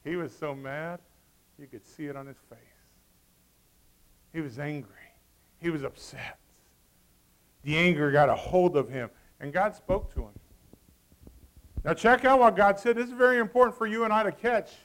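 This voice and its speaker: A male pastor preaching a sermon, reading scripture in old-fashioned wording and calling out to the congregation, swinging from loud to hushed. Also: on the high side, normal speed, pauses often.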